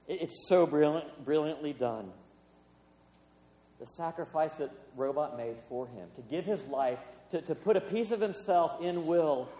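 A man's voice: mid-range voice, warm tone. A man, a pastor, preaching a sermon in a conversational, storytelling way with casual fillers. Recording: echoey hall with long reverb.

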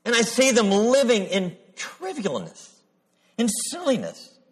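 A man's voice: very high voice, huge pitch swings, unhurried, slightly rough, voice pushed up, heavily acted. A man relaying the words of a passionate ninety-three-year-old churchgoing woman, speaking earnestly and with emphasis. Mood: impassioned. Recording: long hall reverb.

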